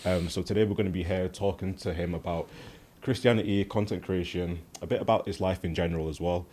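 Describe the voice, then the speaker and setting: A man's voice: low-pitched, steady tone, fairly quick, dark tone, a little hiss or hum. A man hosting a podcast, introducing and questioning his guest in a friendly, laid-back way with frequent "um"s. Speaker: podcast host.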